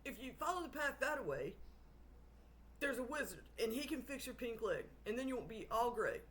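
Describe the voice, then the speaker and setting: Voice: medium pitch, big pitch swings, normal speed, fairly bright tone, a little hiss or hum, voice pushed up. A storyteller voicing a young, inexperienced witch who is hesitant but eager to help.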